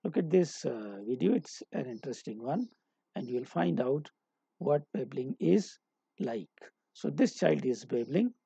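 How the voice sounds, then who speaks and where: Dark-voiced man lecturing, halting delivery. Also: medium pitch, animated, vocal fry, breathy edge, no room sound. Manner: explaining with many hesitations and restarts. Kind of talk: recorded lecture.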